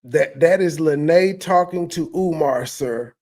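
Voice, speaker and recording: A man's voice: fairly high pitch, slow pace, a little mellow. A man hosting a reaction commentary, talking in a profane, mocking way as he rants. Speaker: commentary host.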